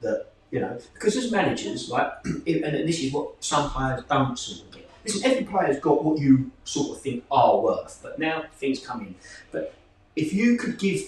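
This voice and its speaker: A man, a football club manager talking plainly and at length, his pitch jumping as he makes his points. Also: normal speed. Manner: plain-spoken, rambling, lively pitch swings. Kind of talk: casual discussion. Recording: echoey room from far off.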